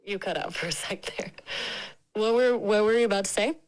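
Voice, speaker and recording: A woman's voice: mid-range voice, a little fast, rough recording. A woman's synthetic voice speaking as an AI companion, chatting in a friendly, casual, opinionated way. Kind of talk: conversational AI chat.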